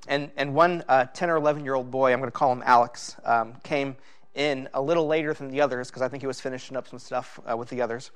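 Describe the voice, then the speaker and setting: Halting, reflective male pastor. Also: mid-range voice, steady tone, smooth. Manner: halting, reflective, with many fillers. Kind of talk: personal sermon.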